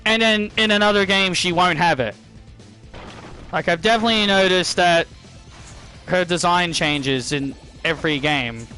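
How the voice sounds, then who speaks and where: A man's voice: sits high, measured pace, long pauses, bright, forceful tone, faint music behind. A man hosting casual gameplay commentary, rambling and often restarting and correcting himself. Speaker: channel host playing a video game.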